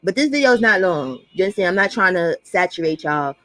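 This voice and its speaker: A woman's voice: on the low side, animated, fairly bright tone, no echo. Woman commentator who rants bluntly and swears a lot; dry, close recording. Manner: blunt, profane, fast ranting. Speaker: commentary vlogger. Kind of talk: ranting reaction commentary.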